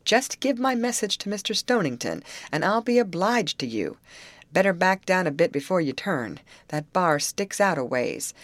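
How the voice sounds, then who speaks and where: A woman doing a gruff, kindly boatman. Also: on the low side, big pitch swings, normal speed, no echo, pitched above the performer's own voice. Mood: obliging. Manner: plain, homespun speech.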